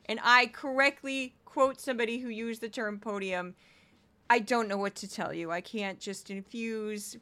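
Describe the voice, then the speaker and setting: Fairly high-voiced woman host from st. louis, ranty and exasperated. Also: steady tone, measured pace, fairly bright tone. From St. Louis, USA. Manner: exasperated, ranting, with laughs. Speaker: podcast host. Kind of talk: casual commentary.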